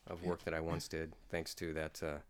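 A man's voice: a bass voice, monotone, normal speed, smooth. A middle-aged man, a voice-over artist and former radio DJ, chatting as a podcast guest in a playful, jokey way. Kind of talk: casual chat.

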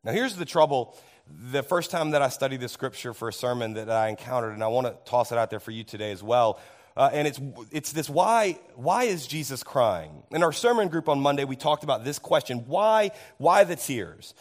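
Male pastor, hoarse worn-out voice, lively preacher who quizzes the pews, mid-pitched. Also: normal speed. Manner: animated, asks the congregation questions. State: hoarse, tired voice. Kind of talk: sermon.

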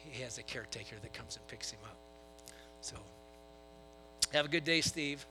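A man preaching a sermon to a church, telling stories and swinging between soft asides and loud bursts. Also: medium pitch, normal speed, faint music behind, low-quality recording. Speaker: pastor.

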